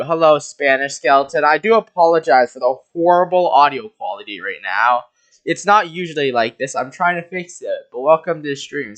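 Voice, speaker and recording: Chatting casually on a live stream, this young man sounds boyish and youthful, at medium pitch with a fairly bright tone and no room sound. His talk is profane, self-deprecating, and rambling.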